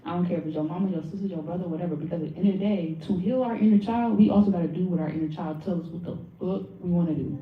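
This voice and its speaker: A woman giving a blunt, animated workshop talk to a live audience, swearing freely and speaking straight to the crowd. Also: on the low side, rapid-fire, few pauses. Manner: blunt, profane and animated, addresses the audience directly. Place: lecture room with an audience. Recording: phone-like audio from far in an echoey room.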